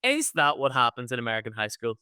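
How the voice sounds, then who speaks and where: Fast-talking teasing man. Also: mid-range voice, sing-song, bright, forceful tone, clean tone, no echo. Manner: teasing, quick banter. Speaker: podcast co-host. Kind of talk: casual reaction chat. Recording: no studio mic, recorded together in a room.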